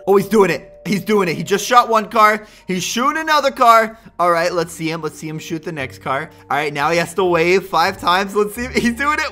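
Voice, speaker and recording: Excitable male gaming host, high and bright, jokey prankster commentary over faint music. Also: moderate pace. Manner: excitable, laughs often, playful prankster. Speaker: gaming YouTuber. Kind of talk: casual gameplay commentary.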